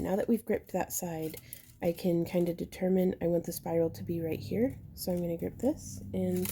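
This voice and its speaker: A woman with a slightly hoarse voice, chatting casually as she explains a step-by-step craft tutorial while she works. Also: on the low side, steady tone, moderate pace, mellow. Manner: chatty, explains while working, with fillers and throat clearing. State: slightly losing her voice. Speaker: jewelry-making instructor.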